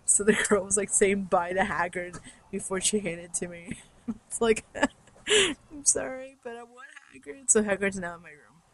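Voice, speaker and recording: A woman's voice: mid-range voice, fairly even intonation, normal speed, over a noisy crowd. A young woman fan chatting casually to her listeners, bubbly and rambling with lots of likes and ums. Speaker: fan podcaster. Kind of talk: casual chat.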